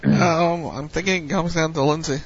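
Teasing, slightly high-voiced male co-host. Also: normal speed, breathy edge, muffled recording. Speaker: co-host running the match brackets. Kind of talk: casual chat.

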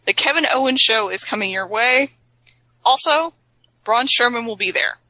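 A woman's voice: on the high side, animated, normal speed, pushed and bright, no room sound, poor audio. A woman co-hosting a casual chat show, playfully reading social media posts aloud and teasing her co-host. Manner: playful, reads quotes aloud with voices.

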